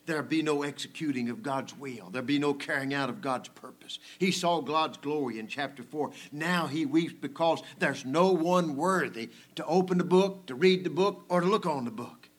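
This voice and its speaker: Preacher swinging loud and hushed. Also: male voice, fairly high pitch, normal speed, hardly any pauses. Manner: swings between loud emphasis and hushed asides, chuckles often; folksy and conversational. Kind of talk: sermon.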